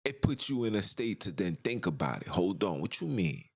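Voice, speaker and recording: A man's voice: low voice, big pitch swings, moderate pace, gravelly. Male host, impassioned solo rant with a widely swinging delivery. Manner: ranting, emphatic, rhetorical questions. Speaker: podcast host. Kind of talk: impassioned monologue.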